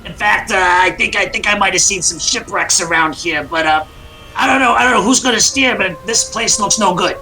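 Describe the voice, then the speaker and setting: A man's voice: high voice, a little fast, sharp tone, faint music behind, pitched above the performer's own voice, full character voice, low-quality recording. A man voicing a male halfling ship's lookout with thick mutton chops, who talks in a wary, hesitant way.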